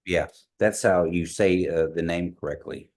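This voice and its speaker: A man teaching an online language class over a video call, patiently repeating words slowly for learners. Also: sits low, darkish tone.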